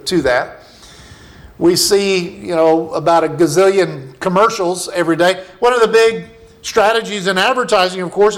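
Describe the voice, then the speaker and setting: A pastor preaching a conversational sermon and reading scripture passages aloud to his congregation. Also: high voice.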